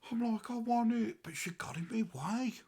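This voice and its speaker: A man's voice: very high voice, moderate pace, vocal fry, mellow, breathy edge, full character voice. A man playing a rambling, easily riled old English grandfather in a comic monologue, in an English accent. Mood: aggrieved. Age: older. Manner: rambling and aggrieved, swinging between mutters and outbursts.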